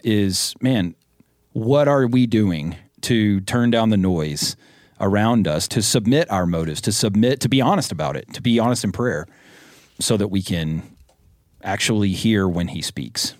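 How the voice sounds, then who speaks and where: Low-voiced male podcast host, reflective. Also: lively intonation, unhurried, a little mellow, no room sound, clean studio sound. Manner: thoughtful, searching, with many restarts. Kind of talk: reflective casual chat.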